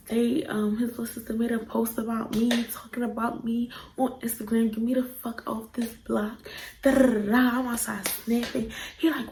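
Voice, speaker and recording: A woman's voice: fairly high pitch, normal speed, gravelly, soft background music, rough recording. Profane woman telling a storytime vlog. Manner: blunt, profane, animated retelling with quoted outbursts. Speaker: vlogger.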